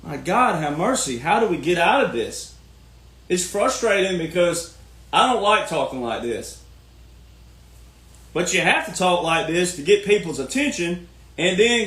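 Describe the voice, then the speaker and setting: A man's voice: sits high, very animated, a little slow, pauses often, a bit bright. A man delivering a folksy, preachy political rant, repeating his points. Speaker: commentary host. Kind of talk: ranting political monologue. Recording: roomy echo.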